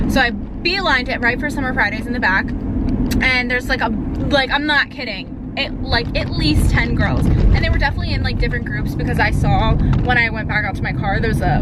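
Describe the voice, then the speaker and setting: Chatty young woman vlogging from a noisy car. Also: on the high side. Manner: chatty, dramatic storyteller who swears freely. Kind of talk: casual vlog chat. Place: inside a car while driving. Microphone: phone camera mounted in the car. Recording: loud road noise from a moving car.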